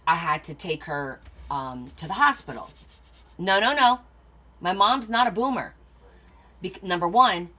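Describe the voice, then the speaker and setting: A woman's voice: fairly low pitch, a bit bright. A middle-aged woman talks casually to her livestream viewers as the host of a crafting stream. She tells stories in a chatty way and answers viewer comments as she goes. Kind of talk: casual chat with live viewers.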